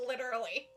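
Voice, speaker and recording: A woman's voice: on the high side, background noise. A woman co-hosting a casual live watch-along of a wrestling show, reacting, laughing and reading chat comments aloud.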